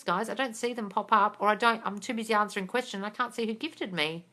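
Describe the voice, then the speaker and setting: A woman's voice: a little high, quick pace, few pauses. A young adult woman hosting a casual live question-and-answer stream, blunt and sweary, calling her viewers darling. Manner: animated, jumps into loud excited bursts.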